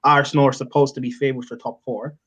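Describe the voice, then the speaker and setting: A man in a casual football chat, talking in a measured, reasoning way. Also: medium pitch, flat delivery, fairly bright tone, slightly rough. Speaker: football pundit.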